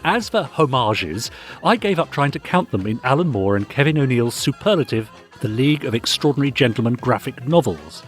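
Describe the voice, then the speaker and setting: A man's voice: medium pitch, expressive, fairly quick, faint music behind. A man hosting a podcast, playfully reading out listener messages in casual chat. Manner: playful, upbeat reading aloud. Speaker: podcast host.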